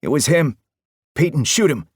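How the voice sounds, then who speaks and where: A man doing a shrill, panicking young man. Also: very animated, normal speed, slightly rough, no room sound, studio quality. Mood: panicked. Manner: screeching, frantic.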